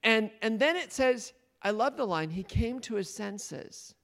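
A man's voice: high-pitched, lively intonation, measured pace, vocal fry, a bit bright. A man leading a Bible study, retelling a story and questioning his listeners, laughing often. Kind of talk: interactive Bible teaching.

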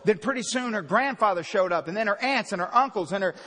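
A man preaching a sermon, emphatic and repetitive, swinging between loud declarations and quiet storytelling in a church. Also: sits high, animated, quick pace. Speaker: pastor. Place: church sanctuary. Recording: long hall reverb.

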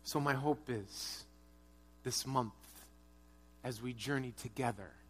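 A pastor preaching a sermon, earnest, moving between strong urging and quiet, hushed prayer. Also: male voice, mid-range voice, takes it slowly. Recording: long hall reverb.

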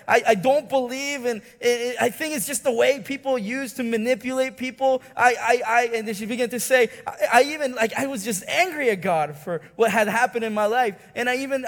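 A man preaching a sermon, telling a story with emotional swings between soft lows and loud highs, often repeating words. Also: in a large hall. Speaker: pastor. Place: church hall.

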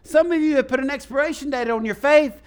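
High-voiced preacher. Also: male voice, quick pace. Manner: preaching, calls to the congregation. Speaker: pastor. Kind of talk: sermon. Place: church sanctuary.

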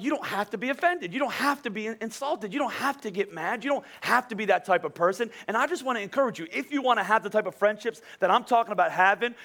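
A man's voice: high-pitched, pushed and bright. A middle-aged man preaching a conversational sermon, asking the congregation rhetorical questions as he goes. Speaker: pastor.

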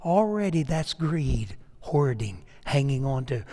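A man preaches a sermon in a slightly raised voice, dropping to hushed asides before climbing to loud, emphatic peaks. His voice trails off into a long reverb, as in a large hall. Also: a little high, normal speed. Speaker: pastor.

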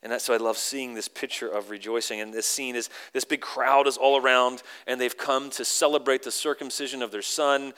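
A pastor preaching a sermon, animated and acting out the crowd's lines in sudden high voices. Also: male voice, a little fast, hardly any pauses, clean tone.

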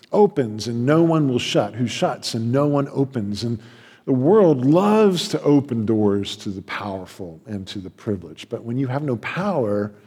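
Husky guy preaching a sermon in a church, gets loud then goes real quiet, long echo on it. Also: mid-range voice. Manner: impassioned, swings from loud emphasis to hushed asides. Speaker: pastor. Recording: long hall reverb.

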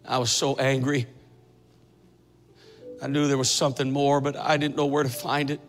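A man in his sixties preaching a testimony sermon, telling his story dramatically and building to fervent shouting. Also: mid-range voice, flat delivery, normal speed. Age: 60s. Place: church sanctuary. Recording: echoey church hall with faint music.

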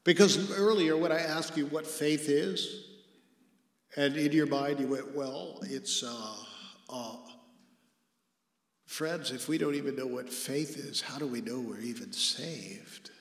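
Slow, earnest preacher in an echoey hall. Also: male voice, a little high. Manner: earnest preaching, dropping to a hush for emphasis. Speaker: pastor. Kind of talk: sermon. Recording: echoey hall with long reverb.

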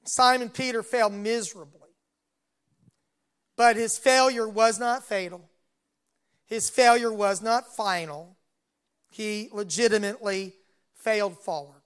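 A male preacher delivering a sermon at an unhurried, deliberate pace. His voice is smooth and clear, and he slips into the lines of the story's speakers as he retells it. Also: high-pitched, fairly bright tone.

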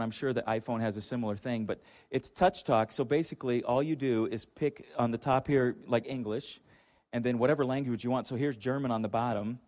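A middle-aged man telling chatty, anecdotal stories to a congregation in a church room. His pitch sits mid-range and he chuckles easily as he talks. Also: darkish tone. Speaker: church speaker. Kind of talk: casual talk to a congregation.

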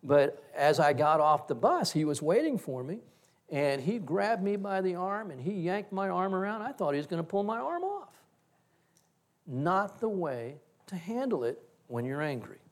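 Earnest middle-aged preacher, somewhat high voice. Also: male voice, very animated, normal speed. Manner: reflective, storytelling, earnest. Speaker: pastor. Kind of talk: sermon.

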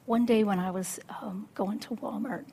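A middle-aged woman preaching a sermon, telling a story with lively acted-out inner dialogue. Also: medium pitch, normal speed, gravelly, breathy edge. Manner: animated storytelling, acts out her own inner voice.

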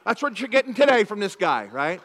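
A man preaches to his church in a high, forceful voice, slipping into little acted-out conversations to make his point. He says he is from Philadelphia. The sound rings with the long reverb of a large hall. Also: fairly quick. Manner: animated preaching, acts out conversations. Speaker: pastor. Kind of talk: sermon.

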